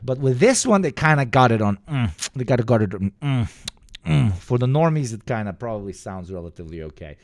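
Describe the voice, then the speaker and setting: A man's voice: mid-range voice, sing-song, brisk, no room sound, studio quality. A man from the Balkans giving sarcastic, profane livestream reaction commentary that rambles from point to point. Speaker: streamer.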